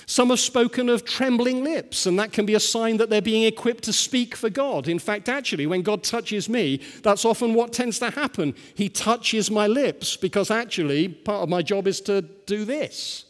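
A man's voice: high-pitched, moderate pace, hardly any pauses. A male pastor preaching a sermon and telling stories, often asking the listeners rhetorical questions. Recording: long hall reverb.

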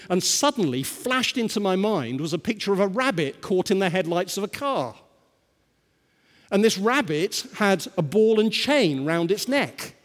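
A male pastor preaching a sermon and telling stories, often asking the listeners rhetorical questions. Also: sits high. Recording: long hall reverb.

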